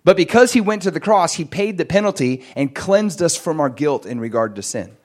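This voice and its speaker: Animated man preaching. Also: brisk. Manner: animated storytelling, jumps much higher and louder in excited moments. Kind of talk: sermon with personal testimony.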